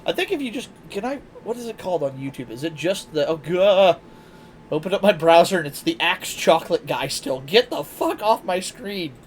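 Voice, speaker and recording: A man's voice: high-pitched, normal speed. A man streaming live, chatting casually and telling stories with lots of laughter. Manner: laughs often, animated storytelling.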